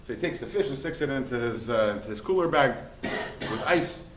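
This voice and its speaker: A man, a rabbi teaching a class, in a lively way, often asking the listeners questions. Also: medium pitch, a little fast. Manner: animated, asks the class rhetorical questions. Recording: echoey room with faint noise.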